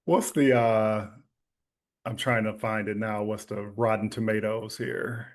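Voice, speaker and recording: A man's voice: lowish voice, little pitch movement, measured pace. A man co-hosting a podcast, laid-back, mostly giving short agreements and laughing along. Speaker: podcast co-host. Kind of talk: casual chat.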